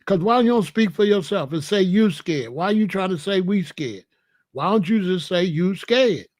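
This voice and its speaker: Confrontational man with a high voice. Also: lively intonation, normal speed, darkish tone, no room sound, studio quality. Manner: confrontational, repeats questions, preachy. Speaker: host answering a viewer. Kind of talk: live-stream commentary.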